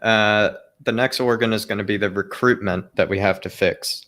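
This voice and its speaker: Low, bright-toned man hosting. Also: fairly even intonation, normal speed. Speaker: show host asking questions. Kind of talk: casual podcast hosting.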